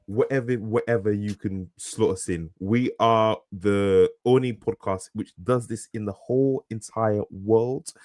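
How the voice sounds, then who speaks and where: A man's voice: on the low side, unhurried, hardly any pauses, darkish tone, no echo, studio quality. A man co-hosting an author podcast, casual and joking with frequent swearing and rambling asides. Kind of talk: casual chat.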